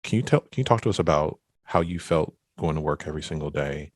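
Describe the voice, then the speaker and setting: An extremely low-voiced man hosts a casual podcast interview. His talk wanders, restarting phrases and leaning on filler words as he works toward his questions, and the sound is dry with no room echo. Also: lively intonation, fast, a little mellow. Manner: rambling, full of restarts and "like". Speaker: podcast host.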